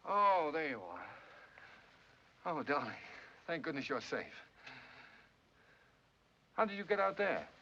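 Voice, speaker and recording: Flustered french officer in love, stammers and protests, old 1940s film sound, hiss and dull. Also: male voice, fairly high pitch, very animated, slow, pauses often, sharp tone, full character voice. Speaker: French army captain. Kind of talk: 1940s screwball film comedy.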